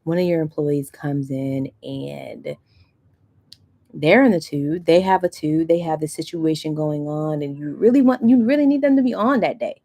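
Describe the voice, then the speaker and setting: A woman's voice: low voice, normal speed, dark tone. A woman coach giving a motivational masterclass, talking animatedly, acting out quoted voices and checking in with her listeners. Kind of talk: motivational talk.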